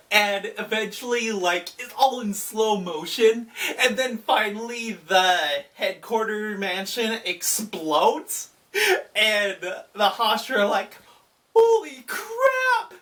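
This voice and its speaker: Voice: medium pitch, bright, forceful tone, recorded from a distance. An anime fan vlogger recapping an episode in casual, enthusiastic talk full of "like". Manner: enthusiastic, filler-heavy.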